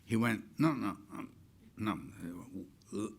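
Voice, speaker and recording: A man's voice: on the low side, expressive, takes it slowly, vocal fry, husky. An older man, an actor, telling chatty anecdotes on stage with frequent laughs. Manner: chatty, laughs often, acts out quotes.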